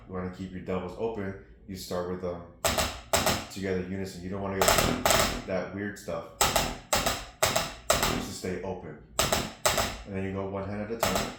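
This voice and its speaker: A man giving a casual drum lesson, explaining steps in a steady, practical way and counting rhythms aloud. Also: low-pitched, fairly quick, pauses often, very echoey, very noisy. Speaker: drum instructor. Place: music studio room. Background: snare drum playing.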